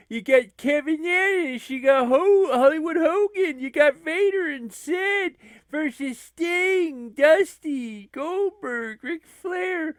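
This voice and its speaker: A man doing comedic gameplay commentary, giggly and excitable. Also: very high voice, no echo, clean studio sound. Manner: giggly, excitable, rattles through rules. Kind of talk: comedic let's-play commentary.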